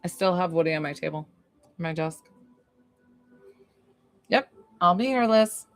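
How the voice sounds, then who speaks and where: A woman's voice: on the low side, lively intonation, unhurried. A woman hosting a live stream as a psychic medium from her basement, chatting effusively with viewers and swearing casually. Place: basement room.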